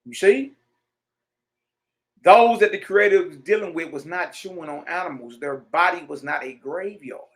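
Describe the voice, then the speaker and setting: A man's voice: high voice, normal speed, a bit bright. A man, teaching a religious lesson in a conversational, emphatic preaching style, reading passages aloud and commenting on them. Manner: emphatic, conversational preaching with call-outs to listeners.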